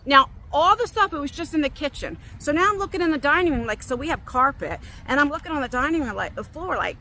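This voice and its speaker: A middle-aged woman tells a story on her phone while walking outdoors. Her voice sits high and bright, and she jumps even higher when she acts out what she said. A faint hiss of open air runs underneath. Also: fast. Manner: animated, quotes herself with big jumps in pitch. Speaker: vlogger. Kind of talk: casual storytelling. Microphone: phone on a selfie stick.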